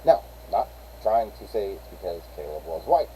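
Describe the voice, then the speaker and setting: A man's voice: deep voice, very animated, normal speed, mellow, slight background noise, low-quality recording. A middle-aged man, rambling through a casual story on a live stream and acting out the people he quotes.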